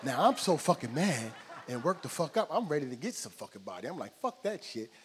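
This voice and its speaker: With a fairly high pitch and a fairly quick delivery, a middle-aged New Jersey stand-up comedian animates his stories on a club stage, voicing both parties in every exchange for the crowd. The background is noisy and the reverb tail is long.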